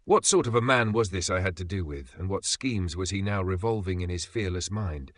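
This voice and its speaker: A man narrating a classic adventure novel as an audiobook, in a steady, measured reading. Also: low voice, no echo.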